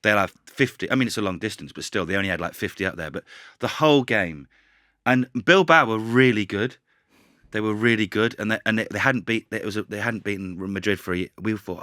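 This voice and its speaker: Guy on a football podcast, lowish voice, bright tone, dry close mic, animated storyteller. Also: brisk, no echo. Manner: animated storyteller, swears freely. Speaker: podcast guest host. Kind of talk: casual football chat.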